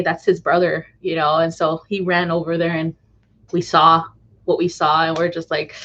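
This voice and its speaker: A woman's voice: on the low side, a bit bright, lo-fi sound. A woman from Southern California who hosts a spiritual live stream. She tells stories to her chat casually, rambles, laughs often and acts out the voices of people she quotes.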